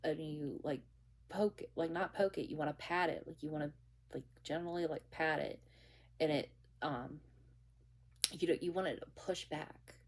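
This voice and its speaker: Casting note: young woman with a low voice, casual storyteller, halting and rambly. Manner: rambling, halting, many restarts and fillers. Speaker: bakery worker telling a story.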